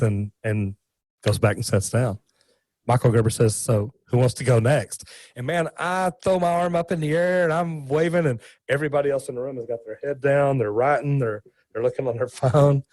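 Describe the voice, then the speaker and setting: A man, a guest in a casual interview, telling stories in an animated, folksy way with many restarts. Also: medium pitch, normal speed, no room sound, poor audio. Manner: animated, folksy, repeats words.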